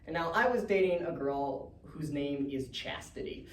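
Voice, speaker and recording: Twenties stand-up comic, animated storyteller who laughs at their own lines, picked up off-mic in a roomy venue. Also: medium pitch, moderate pace, far from the mic. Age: 20s. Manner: chuckles often between punchlines. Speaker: stand-up comedian. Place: comedy venue stage with live audience. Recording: roomy, from the mic, audience noise.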